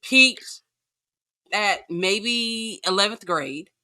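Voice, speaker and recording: A woman's voice: mid-range voice, drawn-out words, bright, forceful tone. A woman guest on a podcast, blunt and sassy, cursing freely in casual chat. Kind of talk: casual reality-TV recap chat.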